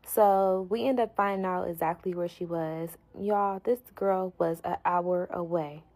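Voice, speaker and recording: Casting: a blunt woman with a lowish, gravelly voice, telling a story in a casual, slangy vlog style. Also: measured pace, poor audio. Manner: blunt, slangy and profane, animated retelling. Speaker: storyteller vlogger.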